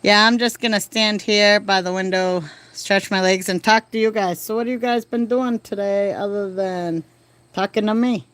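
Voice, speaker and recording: A middle-aged woman hosts a casual livestream from home, standing by a bedroom window with her phone in hand. She's chatty and laughs at her own stories, speaking at a normal speed in a steady, mid-range voice with a fairly bright tone.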